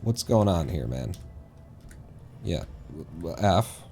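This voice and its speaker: A male streamer commenting on his gameplay live in a loose, rambling way, talking to himself and breaking into loud swearing when the game goes wrong. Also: sits low, sing-song, slow pace, faint music behind. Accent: East Coast American, put on.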